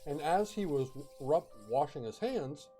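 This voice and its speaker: Man telling ghost stories, mellow voice. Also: fairly high pitch, lively intonation, unhurried, faint music behind. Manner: chatty, with fillers and dramatic emphasis. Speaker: storyteller. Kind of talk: casual ghost story narration.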